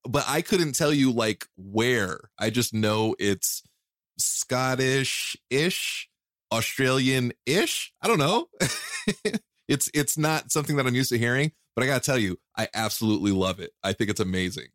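An excitable American man hosting a casual remote podcast interview, gushing and laughing. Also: medium pitch, unhurried, no room sound, studio quality. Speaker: podcast host.

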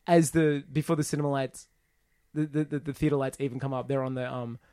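A man's voice: medium pitch, little pitch movement, a little fast, dark tone, clear, resonant tone. A young man co-hosting a casual film chat, rambling and restarting his sentences as he jokes. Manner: rambling, restarts often, laughs at own jokes. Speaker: podcast co-host.

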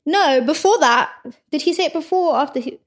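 A woman with a high voice co-hosts a podcast, telling a story in casual chat at a slightly fast pace. She's animated and laughs as she goes.

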